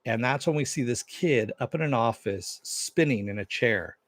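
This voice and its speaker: A man talks through an episode of a series he is reviewing, retelling scene after scene in a relaxed, rambling way. He paraphrases what the characters say and pads it with fillers. His voice sits at an ordinary middle pitch, and the recording is dry with no room sound. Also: normal speed, no room sound. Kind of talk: casual episode recap.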